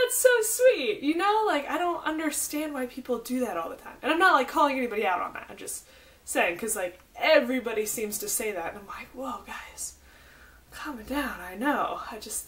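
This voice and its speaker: This is a young woman with a Southern American accent chatting to her camera. She rambles happily from one side note to the next, full of fillers. Her voice sits somewhat high. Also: fairly bright tone. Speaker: pregnancy vlogger. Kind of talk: casual chat.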